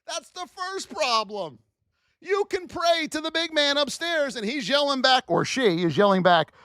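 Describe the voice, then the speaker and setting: A man hosting a live trading lesson, firing rhetorical questions at his chat in a high-energy, hype-driven way. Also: expressive, unhurried, pushed and bright, no echo, clean studio sound. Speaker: trading educator hosting a livestream.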